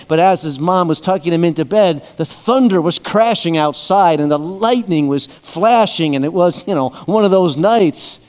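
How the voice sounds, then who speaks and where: A man preaching a sermon with a slightly higher-than-usual voice in a church sanctuary, with long reverb trailing each phrase. He keeps an easygoing, conversational tone and slips in light humor. He slows down and drops low when he reads scripture. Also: a little mellow. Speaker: pastor.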